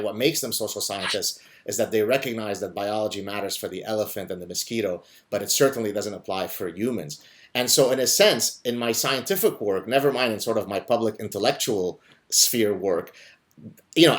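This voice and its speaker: A man hosting a conversational interview. He speaks deliberately and uses many filler words. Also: on the low side. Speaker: host.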